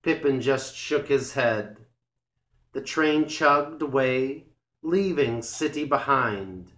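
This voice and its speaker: A man reads a storybook aloud for English learners, slow and deliberate, each word set out clearly. His voice is mid-pitched. A roomy echo hangs around it. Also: fairly bright tone. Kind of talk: scripted storybook narration.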